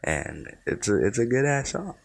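A man's voice: mid-range voice, big pitch swings, normal speed, gravelly. A man co-hosting a casual podcast, joking around and teasing in short interjections. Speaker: podcast co-host. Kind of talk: casual chat.

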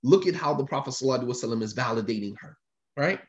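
A man's voice: mid-range voice, animated, racing. A man giving an informal sermon, repeating his points emphatically in a conversational way. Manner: repetitive, emphatic, conversational preaching. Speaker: religious teacher. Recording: roomy, dull lo-fi recording.

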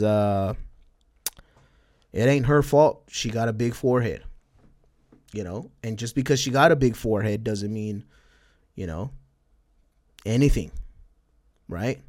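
A man from El Paso with a Texas border accent and a slight Spanish twang, talking casually on a solo podcast and rambling through fillers and restarts. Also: medium pitch. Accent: West Texas border, Spanish-tinged. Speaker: podcast host.

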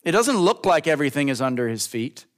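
A man preaching with a somewhat high voice. He builds to emphatic lines, stretches key words slowly and talks straight to the congregation. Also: very animated. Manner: preaching with rising emphasis and slow drawn-out stresses; addresses the congregation directly as folks. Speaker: pastor. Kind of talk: sermon.

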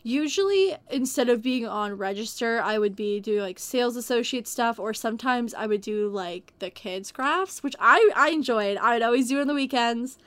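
A woman's voice: fairly high pitch, animated, moderate pace, few pauses, a bit bright, no room sound. Chatty woman rambling through work stories. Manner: rambling storyteller, heavy on like and dude. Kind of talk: casual podcast chat.

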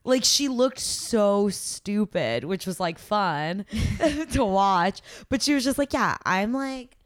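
A young woman co-hosting a casual podcast chat, animated and acting out what people said. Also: mid-range voice, takes it slowly, dry recording, clean studio sound. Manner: animated, acts out quotes, frequent laughs. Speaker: podcast co-host. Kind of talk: casual chat about a reality show.

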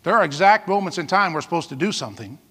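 A pastor preaching a sermon, telling folksy stories with asides and laughter. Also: male voice, on the high side, expressive, quick pace, pushed and bright, breathy edge, big-room sound.

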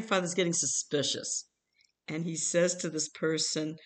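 A woman's voice: deep voice, measured pace. An older American woman telling family stories to her child, chuckling and acting out the people in them. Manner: animated, chuckling, acts out voices in her stories. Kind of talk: casual storytelling.

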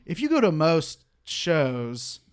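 A man's voice: on the high side, huge pitch swings, slow pace, clean tone. A man co-hosting a casual podcast chat, rambling with many fillers and laughing often. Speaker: podcast co-host.

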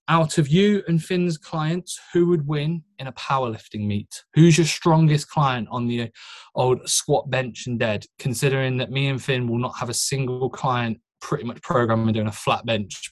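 A young man hosts a relaxed podcast and rambles along with self-mocking jokes. His voice sits at a middling pitch, and he fills his talk with ums and likes. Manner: joking, rambling, many fillers. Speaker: podcast host and physique coach. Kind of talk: casual podcast chat.

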